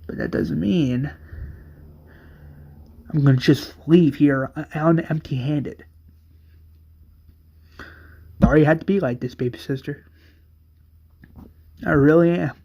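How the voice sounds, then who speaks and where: A man's voice: a little high, a little slow, gravelly, pauses often, dark tone, lo-fi sound. A man voicing a bitter older brother who defiantly sides with a tyrant in a fan retelling. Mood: resentful. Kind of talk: fan retelling with voiced characters.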